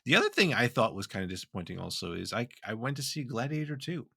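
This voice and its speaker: Bright, lively-voiced male podcast guest. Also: mid-range voice, quick pace, creaky, breathy edge. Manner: rambling, restarts, laughs often. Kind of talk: casual chat.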